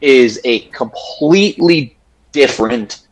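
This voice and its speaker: A man's voice: mid-range voice, lively intonation, slow, slight background noise, rough recording. Average-voiced guy on a political podcast, blunt, swears a lot. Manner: blunt, profane, repetitive restarts. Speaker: podcast co-host. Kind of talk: casual political chat.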